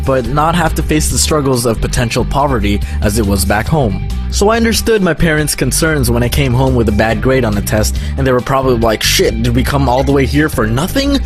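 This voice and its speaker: A young man raised in Canada giving a scripted personal monologue, wry and conversational with joking asides. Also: medium pitch. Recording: played video clip with music behind.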